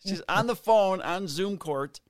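A man's voice: high-pitched, a little slow, no echo, clean studio sound. Profane man telling a cop story. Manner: profane, animated, acts out quotes. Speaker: police officer guest. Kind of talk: casual storytelling.

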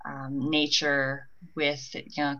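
A woman's voice: deep voice, monotone, takes it slowly, fairly bright tone, lo-fi sound. A young woman talking reflectively on a podcast, meandering with many fillers. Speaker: guest. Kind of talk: casual podcast conversation.

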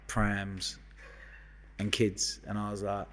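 Brief: London-accented man, thirties, low voice, sweary storyteller, long reverb in the room. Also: monotone, takes it slowly, a bit bright, a little hiss or hum. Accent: London English. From London, England. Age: 30s. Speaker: guest hairdresser. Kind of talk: casual chat.

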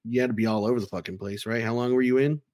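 Male podcast host, mid-pitched, dry close sound, relaxed and profane. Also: rapid-fire, no echo. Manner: upbeat, swears casually. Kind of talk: casual chat.

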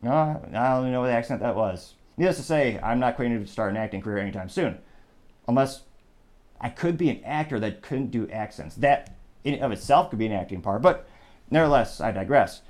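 A man's voice: mid-range voice, lively intonation, fairly quick, darkish tone. A man hosting a solo political commentary show, talking conversationally with sarcastic asides and frequent digressions. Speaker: host.

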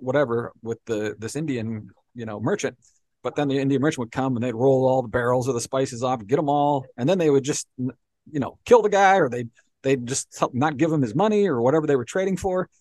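A man's voice: mid-range voice, darkish tone, no echo. A man co-hosting a podcast, explaining history at length in casual talk, often dropping "you know" and "right?". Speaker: podcast co-host.

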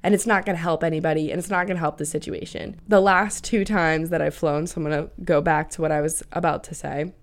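A woman's voice: sits low, fairly even intonation, fast, few pauses. A young woman in her twenties hosting a casual solo podcast, chatty and peppering her talk with "like" and the odd swear word. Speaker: podcast host.

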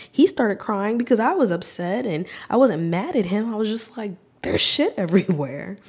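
A young woman talking candidly and reflectively on her own podcast as host, growing animated when she acts out scenes. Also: sits low. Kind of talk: solo podcast monologue.

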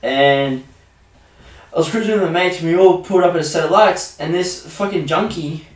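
A young Australian man talking in loose, crude podcast banter, full of swearing and animated rants. His voice sits a bit high, and he sounds off-mic in an echoey room. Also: moderate pace, recorded from a distance. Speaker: podcast co-host. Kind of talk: casual podcast chat.

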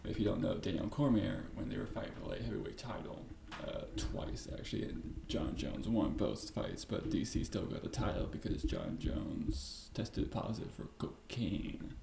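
A man hosting a podcast, talking alone in a profane, rambling and animated way. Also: low voice, moderate pace, vocal fry, hardly any pauses. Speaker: podcast host. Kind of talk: casual solo podcast rant. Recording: echoey room with faint background noise.

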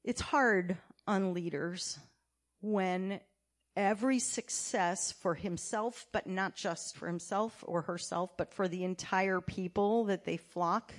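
A woman church elder preaching a sermon, emphatic, asking her congregation many questions and swinging between loud and quiet. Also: mid-range voice, slow. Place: church sanctuary.

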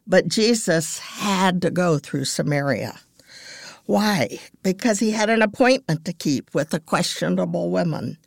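A woman gives devotional Bible teaching in a slightly low, gravelly voice. She tells the stories earnestly and unhurriedly, and lets each line settle. The sound is close and dry. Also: no echo. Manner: earnest, measured storytelling. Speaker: podcast host and Bible teacher.

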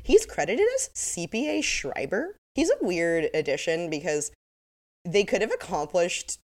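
A woman's voice: fairly low pitch, very animated, unhurried. A woman with a slight lisp, co-hosting a casual podcast and wryly reading out quotes from her notes. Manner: wry, reads quotes from episode notes. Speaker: podcast co-host. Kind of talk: casual recap chat.

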